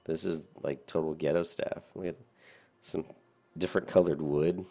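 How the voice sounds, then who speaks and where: A worn-out man talks over his gameplay in an extremely deep, gravelly voice. He rambles and circles back, sounding half asleep as he goes. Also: fairly even intonation, normal speed, warm tone. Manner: rambling, with many fillers and restarts. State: very tired, yawning. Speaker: gameplay commentator. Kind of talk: casual gameplay commentary.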